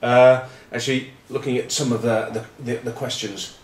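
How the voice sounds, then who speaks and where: A man's voice: medium pitch, fairly even intonation, normal speed, hardly any pauses, a little mellow. A man, rambling wryly and cheekily in casual rugby chat to camera. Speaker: rugby pundit and vlog host. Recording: roomy echo, distant mic.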